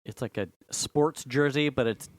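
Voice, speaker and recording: A man's voice: mid-range voice, normal speed, no echo. A man co-hosting a podcast in casual chat, loose and profane, telling stories with lots of laughter into a close mic. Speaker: podcast co-host.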